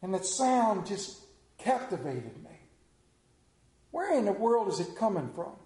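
A middle-aged man preaching a sermon, telling folksy stories and swinging between hushed and animated delivery. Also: sits high, measured pace. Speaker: pastor. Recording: echoey room.

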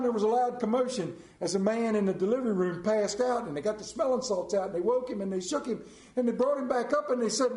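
Middle-aged male preacher, folksy storyteller, high voice, echoey hall sound. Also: quick pace, a little mellow. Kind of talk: sermon with storytelling.

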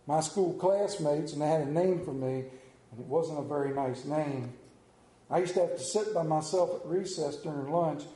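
A middle-aged man preaching a sermon, telling folksy stories and acting out family scenes in squeaky children's voices. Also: moderate pace, dark tone, echoey room, rough recording. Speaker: pastor.

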